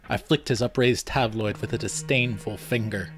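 A man reading first-person fiction aloud in a measured storytelling manner. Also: fairly low pitch, a bit bright, soft background music. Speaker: audiobook reader. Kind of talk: scripted first-person novel narration.

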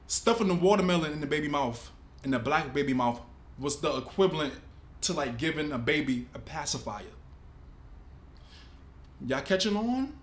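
Animated man reacting in an echoey room. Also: on the high side, slight background noise. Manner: animated, emphatic, casual vernacular. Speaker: host. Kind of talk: reaction video commentary. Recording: echoey room with faint ambience.

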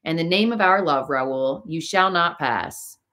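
A woman's voice: deep voice, expressive, a little slow, a bit bright. A woman reading the part of a young woman singer who pleads in a grave, earnest way. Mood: pleading.

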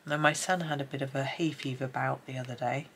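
A middle-aged British woman chatting casually while she colours, soft-spoken and rambling, often dropping to a murmur. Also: extremely low pitch, fairly even intonation, brisk, slight background noise. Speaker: colouring channel host.

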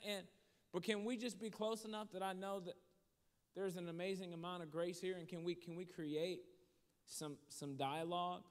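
A man telling a story as a motivational speaker, shifting from animated to hushed. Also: high voice, normal speed. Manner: animated storytelling that drops to a hushed voice for serious moments. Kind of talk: storytelling sermon. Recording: long hall reverb.

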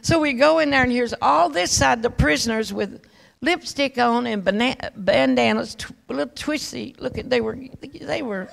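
An older woman evangelist telling a testimony in a folksy, animated way, with chuckles and frequent restarts. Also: on the high side, moderate pace, creaky. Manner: repeats words and restarts often. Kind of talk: testimony storytelling.

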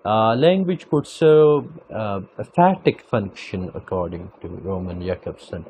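A man giving an academic lecture, speaking deliberately and repeating key phrases for emphasis. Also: fairly low pitch, darkish tone, a little hiss or hum, rough recording.

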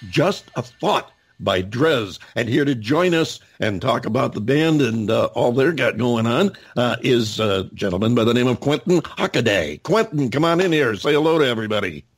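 A man hosting a casual podcast interview, talking with frequent fillers and halting restarts. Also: medium pitch, expressive, husky. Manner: hesitant, many fillers and restarts. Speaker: podcast host.

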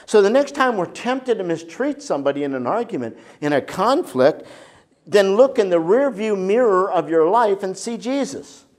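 An older male pastor delivering a sermon with a slightly higher-than-usual voice. He swings from emphatic, pointed declarations to quiet, almost whispered asides, preaching to a live congregation. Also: moderate pace. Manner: expressive preaching, drops to soft intimate tones.

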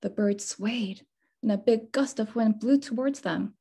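Slow, husky-voiced woman reading a storybook. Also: a little high. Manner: slow, expressive storytime reading with sound words. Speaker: children's book author. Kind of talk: reading a picture book aloud. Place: bookshop event space.

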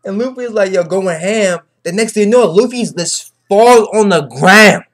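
A young man giving a casual, slang-heavy chapter recap, excitable and repetitive. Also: high voice, unhurried. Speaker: manga reviewer.

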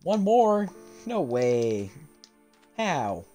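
A man giving live commentary as he plays a game, animated and often laughing, chatting to the characters on screen. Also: on the high side, very slow, faint music behind. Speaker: streamer.

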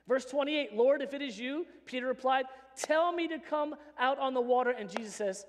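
A man preaching a sermon as pastor, animated and joking in a conversational way. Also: very high voice, moderate pace, hardly any pauses. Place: church sanctuary. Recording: long reverb of a church hall.

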